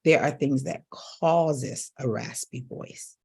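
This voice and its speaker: A middle-aged woman vocal coach giving an emphatic coaching talk straight to her audience, with sudden leaps up in pitch. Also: slow pace, vocal fry, darkish tone, husky.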